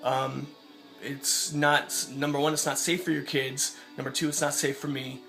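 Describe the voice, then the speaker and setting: Gravelly man telling a profane story. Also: mid-range voice, level tone, moderate pace, bright, forceful tone, soft background music. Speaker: vlogger and mail carrier. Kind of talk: casual storytelling vlog.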